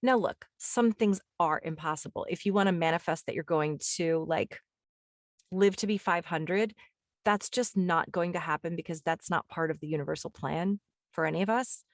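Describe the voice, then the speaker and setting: A woman's voice: lowish voice, moderate pace, no room sound, studio quality. A woman hosting a spiritual podcast, talking casually and enthusiastically with lots of fillers and restarts. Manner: enthusiastic, rambling, full of "like" and "um". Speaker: podcast host.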